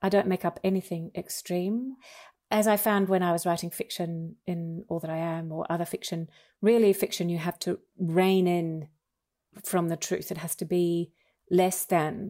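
Woman, author, interview guest, anecdotal storytelling, gravelly, lowish voice. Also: mellow. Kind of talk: relaxed storytelling in conversation.

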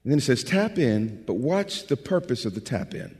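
Husky-voiced preacher in a reverberant church. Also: male voice, very animated, moderate pace. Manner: building from low, quiet delivery to loud, shouted preaching. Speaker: pastor. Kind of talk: sermon.

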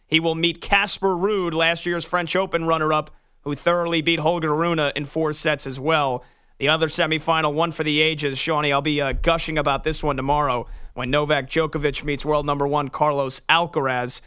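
A man reading a sports news update on a radio show in a crisp newsreader style. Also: fairly high pitch, flat delivery, pushed and bright. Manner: crisp, brisk newsreader delivery. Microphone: studio microphone.

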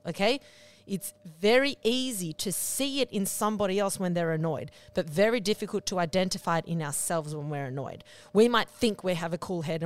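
A woman's voice: on the low side, no room sound. Blunt, sweary woman giving advice. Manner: blunt and sweary, with a lot of "okay?". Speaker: podcast host. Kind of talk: casual advice talk.

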